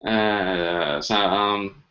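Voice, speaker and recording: A man's voice: sits low, drawn-out words, sharp tone, dull audio. A man hosting a casual live-stream language lesson, chatty and joking as he answers viewers' questions.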